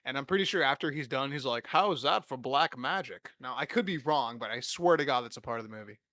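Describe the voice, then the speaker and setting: A man's voice: medium pitch, quick pace, fairly bright tone, dry recording, studio quality. A young man hosting a podcast, riffing in a rambling, profane way and laughing often. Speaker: podcast host. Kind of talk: casual comedic riffing.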